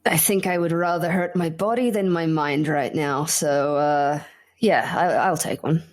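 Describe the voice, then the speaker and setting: Woman player, lower voice, casual and direct. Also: fairly even intonation, a little slow. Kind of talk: tabletop game play.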